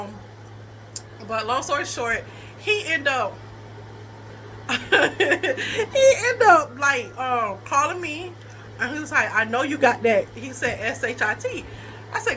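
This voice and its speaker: A young woman telling a personal story to her viewers in a casual, animated way, often laughing and quoting people. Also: sits high, moderate pace, a little hiss or hum.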